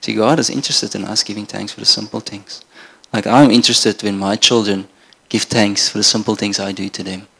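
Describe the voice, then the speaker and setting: A man's voice: fairly low pitch, fairly even intonation, fairly quick, vocal fry, fairly bright tone, breathy edge. A middle-aged man from Namibia preaching a sermon in an earnest, conversational way. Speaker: pastor.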